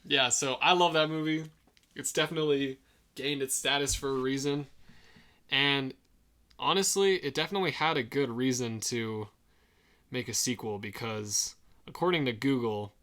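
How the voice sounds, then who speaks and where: A man's voice: medium pitch, steady tone, normal speed, bright, forceful tone. A young man co-hosting a casual podcast, chatty and enthusiastic about cartoon films. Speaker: podcast co-host.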